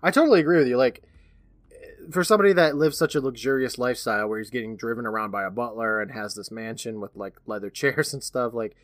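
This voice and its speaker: A man's voice: medium pitch, fast talker, no room sound. A man co-hosting a podcast, recapping an episode in casual chat, acting out lines and laughing often. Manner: animated storyteller, laughs often, acts out lines. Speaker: podcast co-host.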